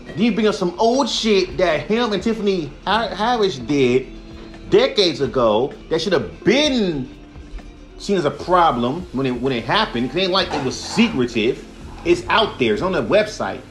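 A man's voice: a little high, sing-song, normal speed, soft background music. Fired-up young man ranting. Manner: profane, heated ranting with mocking voices. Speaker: podcast host. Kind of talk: solo rant podcast.

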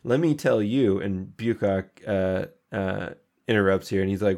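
A man's voice: low-pitched, fairly even intonation, normal speed, darkish tone. A man casually recapping an anime episode, acting out the characters' lines and swearing freely. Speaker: podcast co-host recapping an anime. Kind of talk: casual chat.

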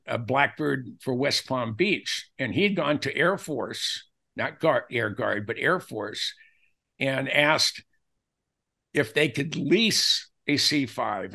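An older man telling personal anecdotes as a podcast guest, acting out the dialogue he quotes in an animated way. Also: mid-range voice, slow pace, creaky. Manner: animated storyteller who acts out quoted dialogue.

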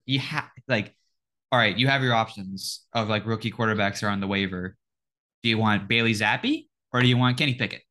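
A young man co-hosting a podcast, speaking in a fairly low voice. His talk is animated and loose, full of "like" and "you know" as he riffs on films and sports. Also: brisk. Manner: animated, lots of filler words, mimics film voices. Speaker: podcast co-host. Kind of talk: casual chat.

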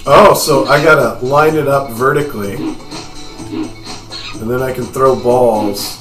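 Offhand gamer in an echoey room. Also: male voice, fairly even intonation, slow pace, music in the background. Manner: low-key and offhand. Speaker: gamer reading a game aloud. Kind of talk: let's-play voice reading. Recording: echoey room, mic at a distance.

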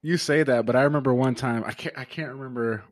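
A man's voice: mid-range voice, fast. A man chatting casually on a podcast, recalling old stories with friends. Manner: reminiscing storyteller, laughing. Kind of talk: casual chat.

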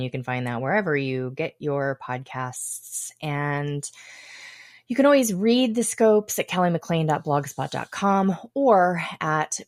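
A woman's voice: low-pitched, no echo, studio quality. Playful, irreverent woman podcast host. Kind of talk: casual chat.

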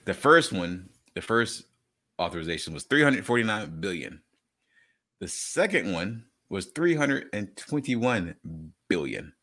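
A man's voice: fairly low pitch, measured pace. A young man co-hosting a podcast in casual banter, chiming in and laughing a lot. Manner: laughs a lot, animated, chimes in. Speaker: podcast co-host.

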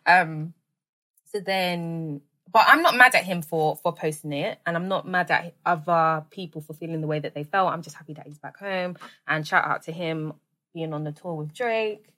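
A woman's voice: low voice, moderate pace, pushed and bright. A woman hosting a podcast, chatting casually and animatedly with slang. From United Kingdom. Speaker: podcast host. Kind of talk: casual chat.

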